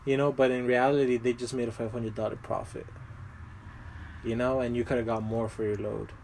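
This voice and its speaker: A man's voice: medium pitch, little pitch movement, brisk, vocal fry, darkish tone, slight background noise. A young man chatting casually as a guest, rambling with lots of fillers and slang. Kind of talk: casual chat.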